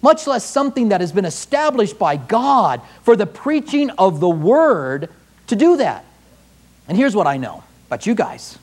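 A man's voice: high-pitched, big pitch swings, normal speed, husky. A male pastor preaching a fervent sermon in a church, firing pointed rhetorical questions at the congregation.

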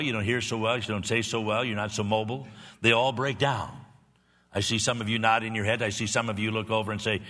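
A man's voice: fairly low pitch, level tone, quick pace, pushed and bright. A man in his sixties preaching a sermon in an earnest, repetitive way, building to emphatic peaks. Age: 60s. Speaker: pastor. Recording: long reverb of a large hall.

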